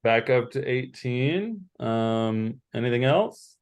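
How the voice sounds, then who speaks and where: Man, game master, slow delivery, hesitant, many fillers, mid pitch. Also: lively intonation, clean tone. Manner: halting, many fillers and restarts. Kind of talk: narrating a tabletop game.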